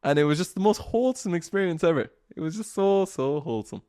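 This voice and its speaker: A man's voice: fairly high pitch, expressive, quick pace, warm tone. A young man hosting a solo podcast, telling stories in a rambling, casual way, swearing freely and laughing often. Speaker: podcast host.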